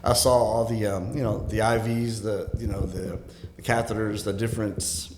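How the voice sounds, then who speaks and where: Low-voiced man telling a story, halting. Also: little pitch movement, echoey room, a little hiss or hum. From Texas. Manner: halting, with many restarts and fillers, acts out quoted voices. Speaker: guest, former teacher. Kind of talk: casual storytelling in an interview.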